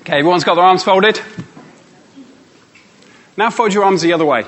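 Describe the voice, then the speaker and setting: A man's voice: sits high, moderate pace, a bit bright. A man, a motivational speaker giving a live workshop talk and playfully teasing and coaxing his audience.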